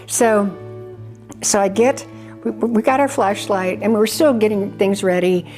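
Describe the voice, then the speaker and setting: A woman's voice: mid-range voice, fairly even intonation, unhurried, a little mellow, soft background music. An older woman, a charity founder, telling her story in an earnest, rambling way with frequent restarts. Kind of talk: personal storytelling interview.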